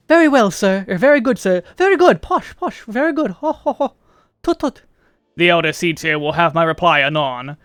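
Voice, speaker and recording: A man's voice: sits high, big pitch swings, moderate pace, a bit bright, smooth, no room sound, clean studio sound. An American man voicing a fussy, posh British male court official in a put-on plummy accent. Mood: prim, courtly.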